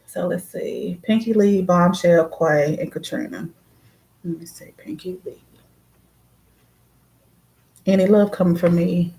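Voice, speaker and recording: Woman tarot reader with a sore throat, lower voice, giggly and loose. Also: steady tone, slow, vocal fry, long pauses, warm tone, low-quality recording. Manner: chatty, giggly, lots of fillers. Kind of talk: casual live-stream tarot reading.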